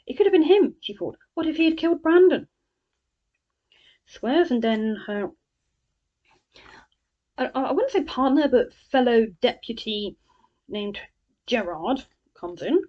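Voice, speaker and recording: A woman reviews a book in a chatty way, with sarcastic and scornful asides. Her pitch jumps around a lot. It sounds like casual spoken commentary. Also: expressive, unhurried, pauses often, dull audio.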